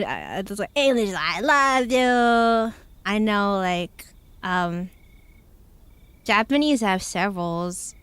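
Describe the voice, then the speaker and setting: A woman's voice: mid-range voice, a bit bright, smooth, no echo. A young woman streamer chatting casually with her viewers, rambling with lots of fillers and frequent giggles. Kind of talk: casual chat with chat.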